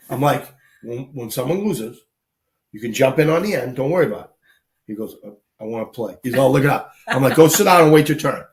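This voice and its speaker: A man, casually telling lively army anecdotes on a live talk show and acting out the people he quotes. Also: a little high. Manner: animated anecdotes, acts out quoted people, laughs often. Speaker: guest storyteller, army veteran.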